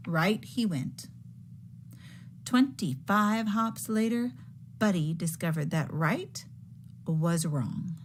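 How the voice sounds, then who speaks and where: A woman teacher reading a picture book aloud to children in a slow, expressive storytelling manner. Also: lowish voice, a little hiss or hum.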